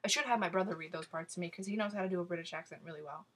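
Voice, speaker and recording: A woman's voice: lowish voice, very fast, fairly bright tone, husky. A woman gushing about a novel in a casual review to camera, talking freely with many fillers and restarts. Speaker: book reviewer.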